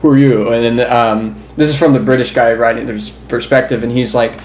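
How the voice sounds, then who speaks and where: A man's voice: medium pitch, steady tone, brisk. A young man co-hosting a podcast in casual chat, telling long, rambling stories with an amused, laughing manner. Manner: rambling, amused storyteller who laughs as he talks. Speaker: podcast co-host. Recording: roomy echo.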